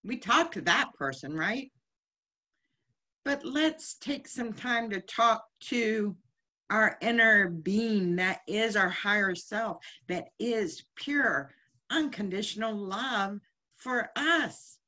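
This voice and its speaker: A woman's voice: medium pitch, animated, takes it slowly, bright, forceful tone. A woman giving a heartfelt, conversational spiritual teaching lecture at a chapel service, often asking her listeners questions. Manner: heartfelt, asks the congregation many questions.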